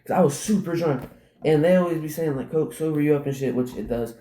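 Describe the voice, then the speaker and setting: A man's voice: fairly high pitch, fast, dark tone. Rambling man telling a story, roomy echo. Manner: rambling, fills speech with "like" and swearing. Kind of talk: casual storytelling.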